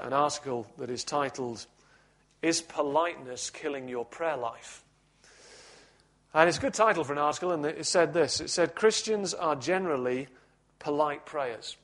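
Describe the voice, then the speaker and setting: Measured male preacher, slightly high voice. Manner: measured, reflective teaching with gentle humor. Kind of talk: sermon.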